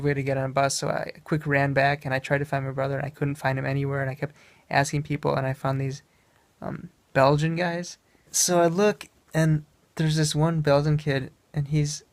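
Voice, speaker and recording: A young man from Wisconsin tells a travel story in a casual, rambling way. His voice stays flat, with a gravelly, creaky edge, recorded close and dry. He often breaks off mid-sentence to correct himself. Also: a little high, dry recording. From Wisconsin, USA. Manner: meandering, self-correcting anecdote telling. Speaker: vlogger.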